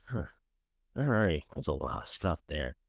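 A man hosting a casual commentary show, talking with a lively voice that swings from loud enthusiasm to mumbled asides. His tone is chatty and sarcastic. The recording is dry and close, with no room sound. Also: rumbling low, unhurried, vocal fry, slightly rough, no room sound. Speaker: show host reviewing candidates.

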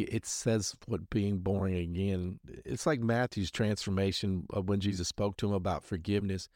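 A man's voice: fairly low pitch, a little mellow, dry recording, studio quality. A man hosting a podcast, reviewing a show in casual, rambling talk full of fillers and restarts, speaking earnestly about his faith. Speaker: podcast host.

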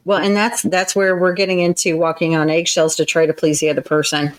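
A woman's voice: on the low side, flat delivery, a little fast, poor audio. A woman co-hosting a casual podcast chat, explaining relationship advice earnestly and acting out tones of voice in her examples. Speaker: podcast co-host.

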